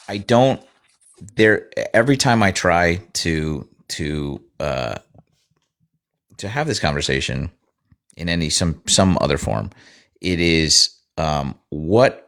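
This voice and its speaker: A man with a very low voice hosts a live stream discussion. He talks slowly, with many restarts and fillers as he hunts for the right words. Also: fairly bright tone. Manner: halting, searching for words.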